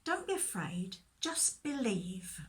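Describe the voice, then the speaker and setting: A woman voicing a calm, kind male healer with gentle authority, in a plain storytelling voice. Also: mid-range voice, slow pace.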